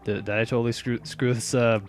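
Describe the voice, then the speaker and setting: A man's voice: mid-range voice, level tone, a little fast, faint music behind. A man with a slight Southern US accent giving casual, rambling commentary over a game playthrough. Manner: rambling, many fillers and restarts. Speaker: let's player.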